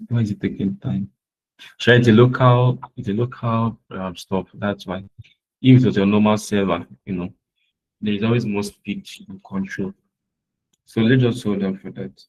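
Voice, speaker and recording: A man's voice: fairly low pitch, fairly even intonation, moderate pace, a little mellow, muffled recording. A man teaching a live web design class, patiently repeating points and often checking that his students are following. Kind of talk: live screen-share tutorial.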